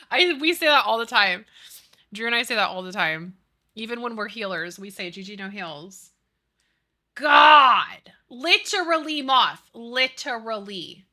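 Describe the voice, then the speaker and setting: Bright-voiced profane woman streamer. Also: a little high, lively intonation, unhurried. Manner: chatty, profane, ranting, reads chat aloud. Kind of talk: casual live-stream chat while building.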